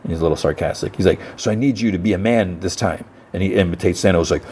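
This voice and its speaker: A man's voice: low-pitched, fast talker, darkish tone, a little hiss or hum. A man hosting a podcast, casually retelling a TV episode in a rambling way, stumbling and repeating words. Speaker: podcast host.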